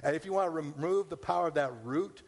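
A man's voice: a little high, fast talker, creaky. Man preaching in a reverberant hall. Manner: conversational preaching with acted-out inner questions. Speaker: pastor. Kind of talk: sermon.

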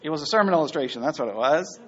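A middle-aged pastor with a fairly high voice preaches a sermon at a rapid-fire clip. He tells stories animatedly, full of asides, and the recording has a dull, lo-fi sound.

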